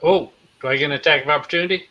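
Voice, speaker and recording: Male player, bright forceful voice, hesitant, dull lo-fi sound. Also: on the high side, rapid-fire. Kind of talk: casual game talk.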